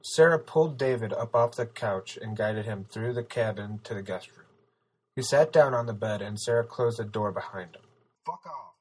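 A man reading a story aloud as narrator, steady and even. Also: fairly low pitch, moderate pace, slightly rough, low-quality recording. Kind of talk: audiobook narration.

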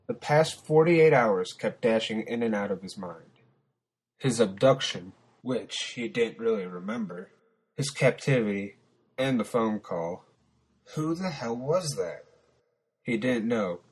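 A man's voice: on the low side, husky. A man narrating his own story podcast, blunt and profane in his asides.

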